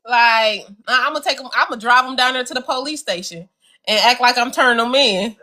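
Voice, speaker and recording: A woman's voice: a little high, a little fast. A woman, co-hosting a casual talk show, telling a story animatedly and talking straight to listeners. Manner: animated, addresses listeners as y'all, acts out voices. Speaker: show co-host.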